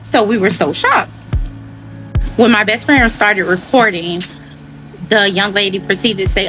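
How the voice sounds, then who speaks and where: A young adult woman, a teacher, animatedly retelling an incident in a storytime vlog, acting out the dialogue in a higher voice. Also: normal speed, over music.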